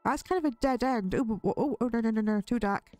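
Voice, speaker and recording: A woman's voice: fairly high pitch, brisk, warm tone, no echo, soft background music. Gaming host, female, easygoing let's-play patter, jumpy in scary moments, dry close sound. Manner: chatty, easily spooked, nervous laughs. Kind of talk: relaxed Minecraft let's play commentary.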